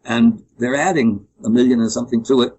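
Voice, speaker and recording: Interview guest: man, husky tone, opinionated, rambling. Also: medium pitch, fairly quick, darkish tone, muffled recording. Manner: opinionated, rambling with frequent restarts. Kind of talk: conversational interview.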